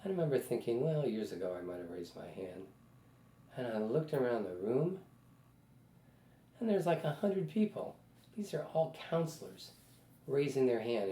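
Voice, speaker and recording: A man's voice: medium pitch, dark tone. A man in his sixties giving a conversational psychology lecture, telling personal stories and putting questions to the class. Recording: echoey room with faint noise.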